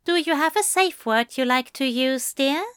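A fussy, courteous male angel, as a woman reading aloud puts him on, soft-spoken and exact. The voice sits noticeably higher and a touch louder than her narration. It is recorded dry and close. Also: normal speed, no echo. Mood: gentle, coaxing. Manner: polite and precise, murmuring.

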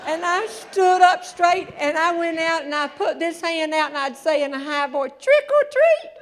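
A woman's voice: very high voice, normal speed, slight background noise. A woman telling comic stories on a theater stage, acting out the voices. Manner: animated, acts out voices, laughs along. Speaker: humorist and storyteller. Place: theater stage before a live audience.

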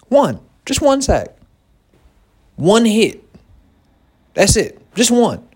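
In an animated motivational talk for entrepreneurs, a small business owner keeps coming back to key phrases and laughs often. He speaks at a medium pitch.

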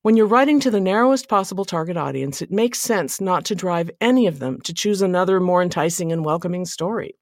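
A woman hosting a writing podcast, giving scripted narration in an earnest, measured delivery. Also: fairly low pitch, expressive, darkish tone, no echo, studio quality.

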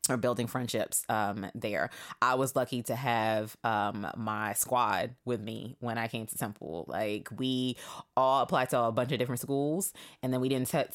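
A woman in her thirties with an unusually deep, low voice, chatting as a guest on a podcast. She tells her stories loosely and candidly, full of slang, swearing and fillers like "um" and "like". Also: fairly even intonation, moderate pace. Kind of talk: casual chat, storytelling.

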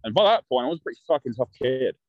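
A man's voice: medium pitch, lively intonation, racing, dry recording, dull audio. A young man telling stories in casual chat, blunt and full of swearing, acting out what people said. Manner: blunt, swears a lot, acts out quotes. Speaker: guest. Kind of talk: casual storytelling.

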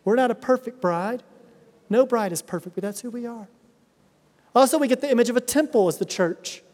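High-voiced pastor preaching in an echoing hall. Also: male voice, a little fast, a little mellow. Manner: earnest preaching with emphatic repetition. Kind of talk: sermon. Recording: reverberant hall sound.

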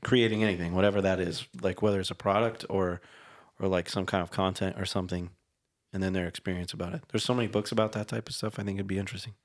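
A man's voice: deep voice, fairly even intonation, fast talker. A man co-hosting a casual chat podcast, joking and laughing often and pushing new topics. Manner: jokey, laughs often, eager to steer topics. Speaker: podcast co-host.

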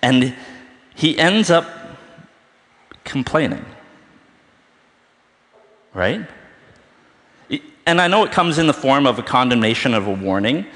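A man's voice: mid-range voice, lively intonation, slow, long pauses, a bit bright, big-room sound. A man giving an informal, conversational sermon, thinking aloud and often checking in with "right?". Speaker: preacher.

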